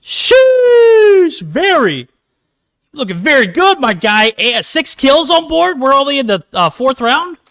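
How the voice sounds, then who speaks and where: A man with a high, bright, sharp voice calls a mobile shooter match live. He talks in hype slang and yells player names when the action swings. His delivery stays punchy throughout. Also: big pitch swings, normal speed, gravelly, few pauses. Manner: hype, slangy, shouts names at big plays. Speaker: esports caster. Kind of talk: live play-by-play commentary.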